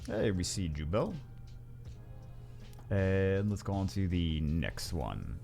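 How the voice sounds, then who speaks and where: A man's voice: low-pitched, very animated, slow pace, creaky, dark tone, soft background music. A man hosting a gaming video, rambling through casual gameplay commentary with wry asides and frequent self-corrections.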